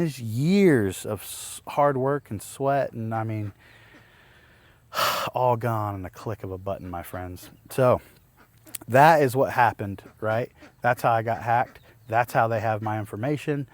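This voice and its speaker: A man, possibly in his thirties, tells a personal story straight to the camera as a homestead vlogger. He rambles with many restarts and fillers, exasperated as he recounts what happened. His pitch sits in an ordinary middle range. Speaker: homesteading YouTuber.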